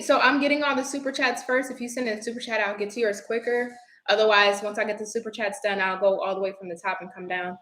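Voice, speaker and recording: A woman doing a live-stream tarot reading, chatty and expressive, greeting viewers by name. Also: medium pitch, roomy sound, poor audio. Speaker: tarot reader.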